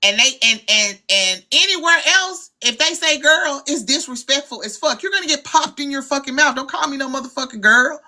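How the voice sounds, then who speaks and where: A woman's voice: high voice, lively intonation, brisk, hardly any pauses, sharp tone. Blunt, profane Southern woman. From Arkansas, US. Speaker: livestream host. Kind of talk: casual livestream chat.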